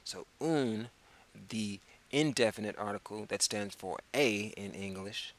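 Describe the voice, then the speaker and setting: A man teaching a casual beginner French lesson, spelling words out letter by letter and repeating phrases slowly. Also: fairly low pitch. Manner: slow, spells words out letter by letter, drawn-out repetitions. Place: public access TV studio.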